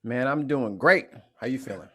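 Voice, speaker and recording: A man's voice: mid-range voice, moderate pace, bright, forceful tone. A man from St. Louis, a podcast interview guest, telling stories bluntly and profanely, often restarting his sentences. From St. Louis, USA. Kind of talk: candid storytelling in a podcast interview.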